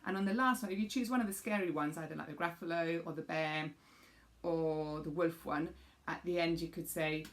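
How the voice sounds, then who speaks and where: A woman's voice: fairly low pitch, lively intonation, normal speed. A woman music teacher patiently explaining a rhythm game for young children and demonstrating the beats aloud.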